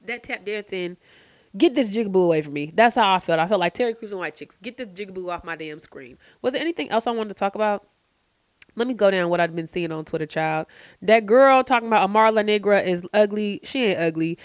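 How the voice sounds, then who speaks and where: A woman vlogger in casual late-night chat to the camera, swearing freely and ranting with sudden loud outbursts. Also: medium pitch, no echo.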